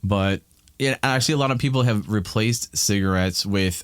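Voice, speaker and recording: A man from Ohio, in his thirties, talks in a candid, rambling way, often restarting his sentences. His voice sits low. The sound is dry and close. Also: expressive, normal speed, no room sound. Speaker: podcast guest. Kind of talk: casual chat.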